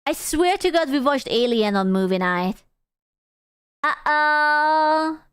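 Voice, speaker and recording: A woman's voice: high-pitched, animated, takes it slowly, fairly bright tone, dry recording, studio quality. A young woman streaming, chatting casually with her viewers; she is crude, teasing and playful, and laughs often. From Europe. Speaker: VTuber streamer.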